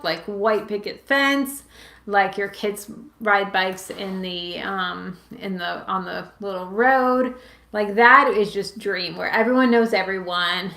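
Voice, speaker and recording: A Massachusetts woman in her late twenties hosts a laid-back livestream Q&A at home with her pets around, wandering through viewer questions and peppering her answers with "like" and "um." She has a medium-pitched, slightly bright voice. The audio comes through a webcam or phone, and the room sounds echoey.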